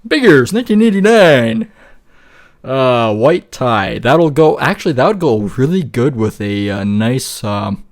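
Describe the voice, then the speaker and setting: A man's voice: mid-range voice, a little slow. A man talking casually through a screen-recorded tutorial, rambling, laughing often and swearing now and then. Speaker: YouTuber.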